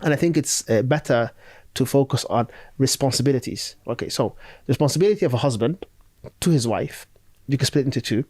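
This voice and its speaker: A man's voice: medium pitch, fairly quick, a little mellow, dry recording. A man who is an Islamic scholar, explaining duties in a podcast with Arabic terms. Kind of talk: religious podcast discussion.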